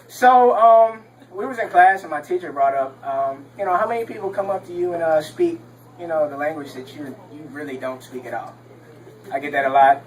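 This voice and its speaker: A man's voice: on the high side, far from the mic, poor audio. Young man rambling through a stand-up set. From Texas. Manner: rambling, laughs at his own jokes, many ums. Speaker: stand-up comedian. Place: comedy club stage with audience.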